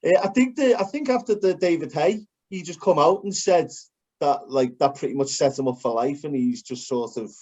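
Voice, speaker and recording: Scouse male podcast co-host, mid-high voice, laddish rambling delivery, muffled lo-fi sound. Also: moderate pace, a little mellow. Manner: rambling, laddish, says "mate" and "lad" a lot. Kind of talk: casual sports podcast chat.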